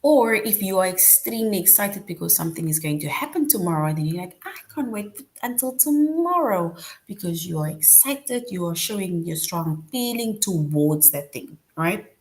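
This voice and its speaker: A woman's voice: lowish voice, moderate pace, a little mellow. A woman teaching a children's grammar lesson online, explaining patiently and often checking in with "right?".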